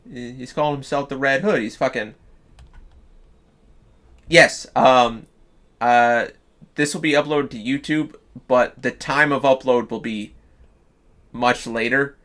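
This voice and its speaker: A man streaming live, pitching a story in loose casual chat, swearing freely and restarting sentences. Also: takes it slowly, pauses often, fairly bright tone. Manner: profane, loose, full of fillers and restarts.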